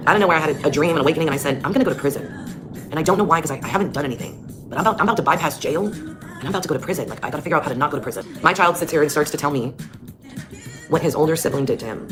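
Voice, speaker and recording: A woman telling her own story as a mother in a blunt, heated way, with heavy swearing. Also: deep voice. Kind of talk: personal storytelling. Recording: clear music behind the voice. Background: music.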